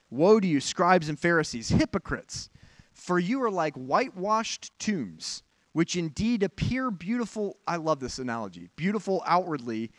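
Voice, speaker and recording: A man's voice: a little high, no echo. A pastor giving a sermon in a candid, conversational way, with frank asides to his congregation.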